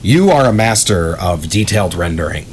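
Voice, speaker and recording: A man's voice: low-pitched, very animated, normal speed, slight background noise. A man hosting a casual podcast, friendly and a bit wordy as he talks with his guest. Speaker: podcast host.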